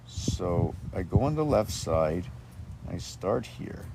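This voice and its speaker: A man's voice: sits low, big pitch swings, slow, creaky, noisy background. A man rambling freely in a casual self-made video, jumping from idea to idea and stopping to talk to his dogs. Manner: rambling, free-associating, talks to his dogs. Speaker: video maker. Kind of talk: rambling monologue. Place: outdoors with dogs.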